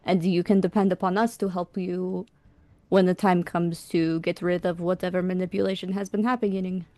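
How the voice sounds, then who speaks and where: A woman playing a character in a tabletop game, talking earnestly and haltingly with many fillers. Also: lowish voice, level tone, dark tone, no echo. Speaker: player. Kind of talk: in-character tabletop role-play.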